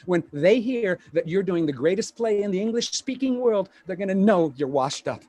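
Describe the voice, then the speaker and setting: An actor playing a pushy, fast-talking male Hollywood agent in a live play reading over a video call, with rapid, stammering sales patter. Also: sits high, animated, warm tone, no echo. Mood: salesy. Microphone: home computer mic on a video call.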